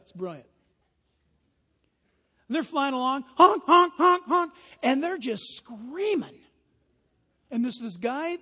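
A man preaching a sermon as pastor, telling stories with lively imitations of honking geese. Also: very high-pitched, long reverb tail.

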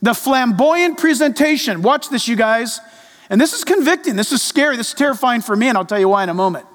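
A male pastor preaching a sermon in a church, animated and speaking directly to the congregation. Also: very high voice, a little fast. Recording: echoey reverb of a large hall.

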